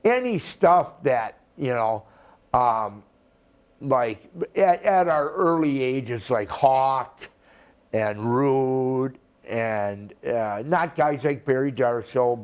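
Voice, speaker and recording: Slow-talking older man spinning a rambling yarn. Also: mid-range voice, a little mellow, clear, resonant tone. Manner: rambling, profane, acts out the people in his stories. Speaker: retired wrestler guest. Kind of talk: casual storytelling interview.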